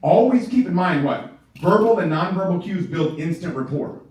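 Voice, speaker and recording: A man giving a live sales training talk to a group, animated, laughing often and checking in with his listeners. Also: high-pitched, moderate pace. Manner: animated, keeps checking in with the audience; laughs often while talking. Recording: very echoey room, far from the mic.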